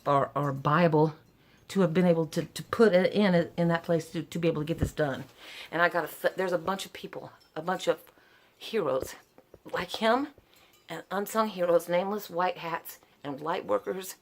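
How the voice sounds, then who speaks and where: An earnest middle-aged woman talks straight to the camera, unscripted and heartfelt. Her voice sits a little low, and her words keep tumbling into sighs, soft laughs and restarts. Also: slight background noise. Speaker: vlogger telling her story. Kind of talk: unscripted personal testimony to camera.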